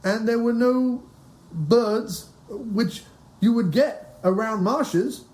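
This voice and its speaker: A man's voice: very high voice, takes it slowly, darkish tone. A man hosting a podcast in casual chat, jokey and giggly, riffing on puns. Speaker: podcast host.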